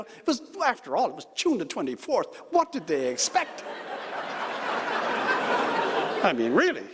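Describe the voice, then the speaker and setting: Guy telling dry jokes at a dinner, kinda high voice, big echoey hall. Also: very animated, moderate pace, fairly bright tone, a faint crowd. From Newfoundland, Canada. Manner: wry storytelling with dry jokes. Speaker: keynote speaker. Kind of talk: after-dinner speech. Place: large banquet hall. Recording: hall reverb. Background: audience laughter.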